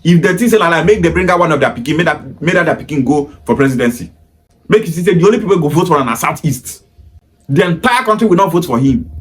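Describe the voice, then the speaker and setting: A Nigerian man with a Pidgin-inflected English accent, delivering an emphatic, repetitive opinion monologue in a lecturing tone. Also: fairly high pitch. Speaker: commentator.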